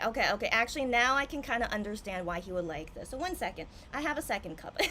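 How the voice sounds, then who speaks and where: A tipsy young woman chatting casually on a livestream from home, excitable and swinging from hushed asides to loud outbursts. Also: mid-range voice, slight background noise.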